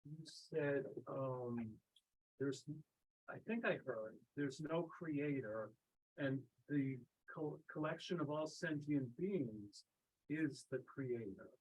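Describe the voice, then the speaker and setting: A man in the audience asking the teacher a hesitant, halting question. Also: mid-range voice, darkish tone, slightly rough, poor audio.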